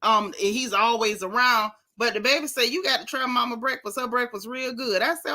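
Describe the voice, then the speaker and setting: A middle-aged woman, casually recapping reality TV in an animated, sassy way. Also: fairly high pitch. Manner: animated, sassy, exclaiming, drawn-out emphasis. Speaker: show recap host.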